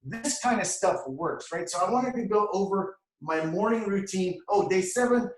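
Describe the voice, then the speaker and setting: A man telling his story as an energetic motivational testimonial, often calling the crowd "guys.". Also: high-pitched, moderate pace, reverberant, distant mic, a little hiss or hum, poor audio. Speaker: award recipient speaker.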